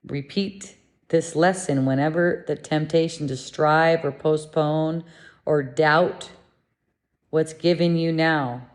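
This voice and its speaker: Slow, low-voiced woman teaching softly. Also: fairly even intonation. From living in Mexico. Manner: gentle, soothing, unhurried. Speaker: spiritual teacher. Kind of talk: slow meditative spiritual lesson.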